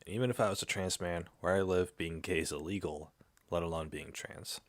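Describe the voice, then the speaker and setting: A man with a deep voice and a rough, fry-laced texture talks through a casual reaction session. He stays playful, breaking into laughter and talking to his cat. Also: fairly even intonation, brisk. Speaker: online content creator.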